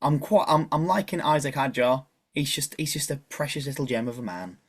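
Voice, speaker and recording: A man's voice: medium pitch, brisk. A man chatting casually as a podcast guest, talkative and self-deprecating. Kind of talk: casual chat.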